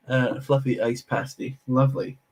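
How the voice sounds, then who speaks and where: Man, unhurried talker, mid-pitched voice, livestream host, chatty, self-deprecating, answers chat while building. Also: a little mellow. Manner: laughs easily, self-deprecating.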